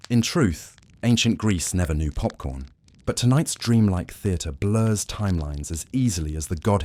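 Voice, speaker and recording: Deep-voiced man narrating a bedtime story. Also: warm tone.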